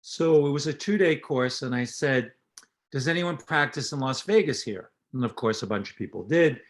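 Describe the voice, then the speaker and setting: A man's voice: mid-range voice, moderate pace. Older man, dentist-lecturer, anecdotal storytelling, plays out quoted dialogue, interview talk.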